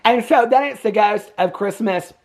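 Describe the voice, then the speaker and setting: A woman with a Southern US accent rants casually about a movie, sassy and chatty, laughing often and dropping "baby" and "okay?" as she goes. Her voice is mid-range with a darkish tone, and she talks at a normal speed.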